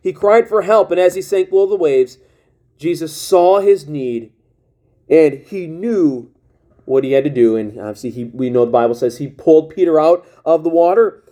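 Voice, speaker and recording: A man's voice: fairly high pitch, moderate pace, mellow. A man preaching a sermon, reading King James scripture aloud and often restarting his phrases.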